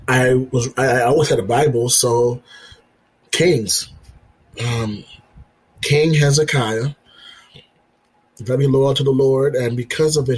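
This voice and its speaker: A man, a military veteran and father, telling his story as a podcast guest in an earnest, halting way, repeating himself and acting out the dialogue. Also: mid-range voice, husky, rough recording. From United States. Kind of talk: personal storytelling in an interview.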